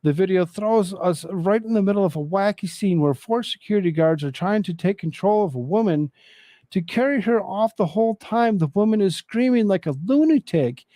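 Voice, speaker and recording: Man, high voice, mellow tone, dry close sound, sarcastic commentary host. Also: lively intonation, moderate pace, no room sound. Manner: sarcastic, exasperated, rambling. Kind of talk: casual commentary on news and viral clips.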